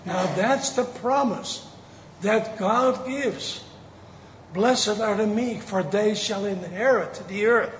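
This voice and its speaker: A man preaching a sermon, slow and emphatic, drawing out the key words. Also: high voice, slight background noise. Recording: echoey hall with faint ambience.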